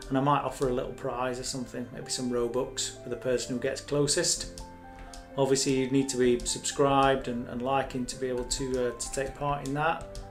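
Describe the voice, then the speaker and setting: A man casually chatting and rambling as host of a live game stream, joking at his own expense. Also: mid-range voice. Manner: chatty, rambling, self-mocking.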